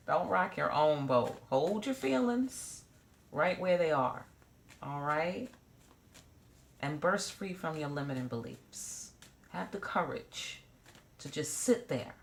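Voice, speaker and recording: Blunt low-voiced woman reading tarot. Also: animated, takes it slowly, creaky. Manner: blunt, profane, joking asides; repeats phrases, checks in with "okay?". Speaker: tarot reader. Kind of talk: casual tarot reading to camera.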